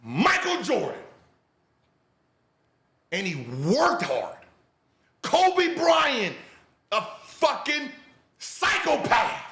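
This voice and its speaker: A man hosting a podcast, loudly ranting in profane, incredulous reaction commentary. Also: extremely high pitch, big pitch swings, extremely slow, long pauses, echoey room. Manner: loud, profane, incredulous shouting. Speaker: podcast host.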